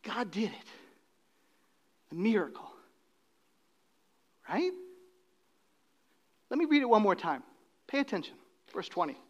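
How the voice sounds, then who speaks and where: A man preaching a sermon, swinging between loud, emphatic lines and hushed, quiet drops. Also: sits high, very animated, a little slow, long pauses, dull audio. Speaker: pastor.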